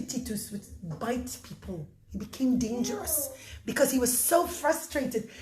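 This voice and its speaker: A high-pitched woman narrating a story for children, expressive and lively, stopping often to talk to the kids. Her voice rings in an echoey room with a faint noise behind. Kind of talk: animated storytelling.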